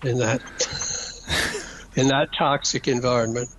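A man from the South, telling a long story as an interview guest. He talks in a hesitant, rambling way, pausing often and adding dry asides. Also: mid-range voice, fairly even intonation, fairly bright tone. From Georgia, US South. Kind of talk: conversational storytelling. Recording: dull, slightly muffled sound with faint noise.

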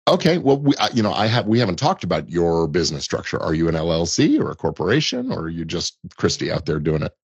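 A man's voice: low-pitched, wildly swooping pitch, fast, hardly any pauses, husky, no echo, highs cut off. A middle-aged man, an entertainment lawyer, explaining things thoughtfully as an interview guest, often restarting phrases. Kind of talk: conversational interview answers.

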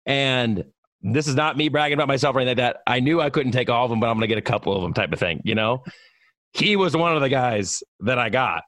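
A man's voice: medium pitch, animated, fast talker, fairly bright tone, no echo, clean studio sound. A man telling a rambling story in casual chat, full of fillers and swearing. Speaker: radio personality.

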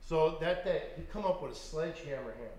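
A man, an author guest, telling his stories in conversation in a lively, profane way and acting out what people said. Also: a little high, fast, heavy reverb, a little hiss or hum. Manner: animated, profane, acts out quotes. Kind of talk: storytelling in conversation.

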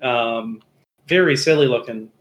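A man co-hosting a casual anime discussion podcast, animated and hesitant, often restarting his sentences. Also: medium pitch, a little slow, slight background noise. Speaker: podcast co-host.

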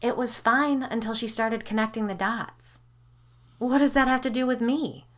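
A woman's voice: fairly high pitch, moderate pace, fairly bright tone, pitched above the performer's own voice, lightly acted. A woman voicing an uneasy friend who speaks urgently and insistently.

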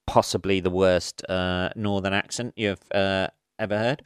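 A man's voice: sits low, fairly even intonation, a little slow, few pauses, clear, resonant tone, dry recording. An English man, a comedian hosting his own podcast, rambling casually with lots of swearing and self-mocking asides into a close mic.

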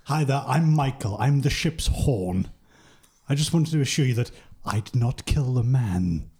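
A man playing a talking ship's horn, earnest and slow-spoken. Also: mid-range voice, lively intonation, darkish tone, breathy edge.

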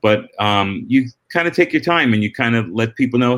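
A middle-aged man, a comedian, answering interview questions in relaxed storytelling with frequent restarts and asides. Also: mid-range voice, normal speed. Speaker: comedian and former talk-show warm-up act.

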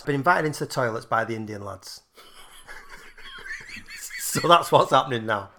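A man's voice: medium pitch, normal speed, pauses often. A man on a podcast telling a funny story in casual chat, swearing and laughing as he goes. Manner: animated, swearing, laughs through his own story. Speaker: podcast co-host.

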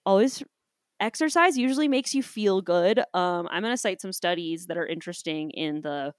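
A woman co-hosting a podcast in casual chat, telling animated stories and acting out the people in them, with some casual swearing. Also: on the low side, moderate pace, no echo, clean studio sound. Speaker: podcast co-host.

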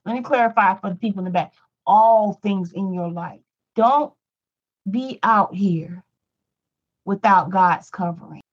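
A woman's voice: mid-range voice, lo-fi sound. A woman teaching a Bible study in a pleading preaching style, repeating lines for emphasis. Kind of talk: preaching sermon.

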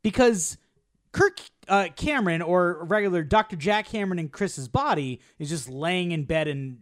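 Animated man chatting on a podcast. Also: high voice, moderate pace, no echo, clean studio sound. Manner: animated, laughs easily, acts out movie lines. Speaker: podcast co-host. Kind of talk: casual podcast chat.

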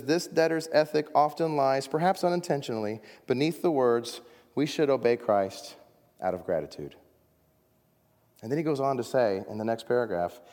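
Guy preaching a sermon, gets loud then drops to a hush, lots of hall reverb. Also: mid-range voice. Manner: dramatic preaching, swings from loud to hushed. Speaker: pastor. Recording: long reverb of a large hall.

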